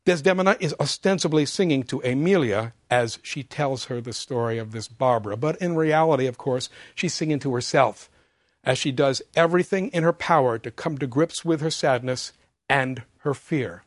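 A man giving a scripted opera talk, expressive and emphatic, setting the scene in measured storytelling. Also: medium pitch, no echo, clean studio sound. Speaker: opera lecturer.

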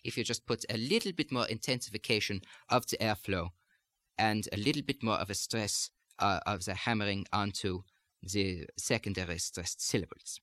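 A man's voice: lowish voice, moderate pace, a bit bright, no echo. A man coaching on an instructional tape, speaking in a put-on German accent as he explains it, with a precise, explanatory delivery. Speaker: dialect coach. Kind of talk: recorded accent lesson.

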